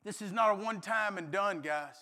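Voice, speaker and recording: High-voiced preacher in a reverberant hall. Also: male voice, moderate pace. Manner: folksy, animated, shouts and laughs through stories. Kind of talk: sermon with storytelling.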